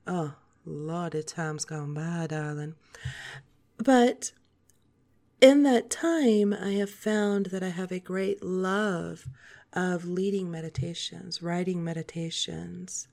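A woman in her forties hosting a podcast, talking in a soft, calm, steady monologue. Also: lowish voice, creaky. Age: 40s. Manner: soft, calm, slow-paced delivery. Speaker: podcast host.

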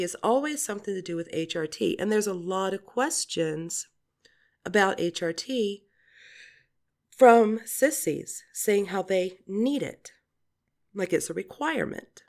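A woman's voice: medium pitch, lively intonation, a little slow. A woman in her forties hosting a podcast, talking in a chatty, rambling monologue, laughing often and swearing casually. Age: 40s. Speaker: podcast host.

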